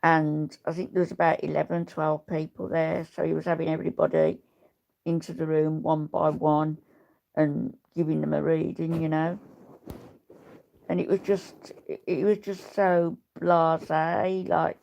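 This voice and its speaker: Slow, gravelly woman in her seventies. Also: low voice, fairly even intonation, darkish tone. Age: 70s. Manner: chatty, rambling, blunt and opinionated. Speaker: livestream host. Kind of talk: casual livestream chat, reading viewer comments.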